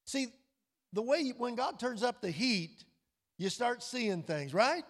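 A man preaching a sermon in a folksy, storytelling way, dropping to quiet, drawn-out emphasis. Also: very high voice, big pitch swings, in a large hall. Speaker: pastor.

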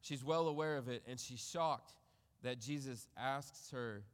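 A man preaching a sermon, reading scripture aloud and reflecting on it in a measured way that trails off softly at the ends of phrases. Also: medium pitch, clean tone, in a large hall. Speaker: pastor.

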